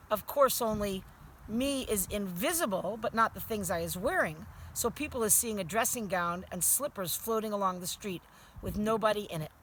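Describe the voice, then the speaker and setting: A woman reading aloud, voicing a boastful young boy excitedly telling his dream in broken grammar. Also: medium pitch, a little hiss or hum, natural voice.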